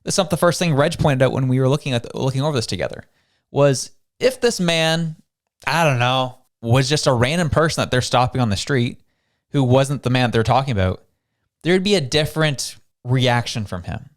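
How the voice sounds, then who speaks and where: A man from Canada hosts a show and talks through the news in a loose, chatty style. He speaks at a middle pitch and keeps turning to rhetorical questions as he goes. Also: lively intonation, moderate pace. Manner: conversational, fond of rhetorical questions. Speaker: show host. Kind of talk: casual political news commentary.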